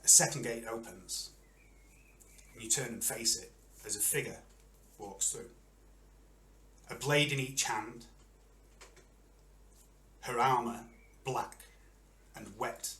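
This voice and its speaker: A man narrating a tabletop game as game master in a descriptive, unhurried manner. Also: mid-range voice, sharp tone, roomy sound.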